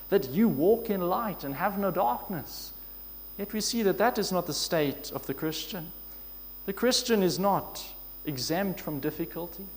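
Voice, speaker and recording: A man preaching a sermon in an earnest, measured way, asking his listeners questions. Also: high-pitched, a little mellow. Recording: long hall reverb.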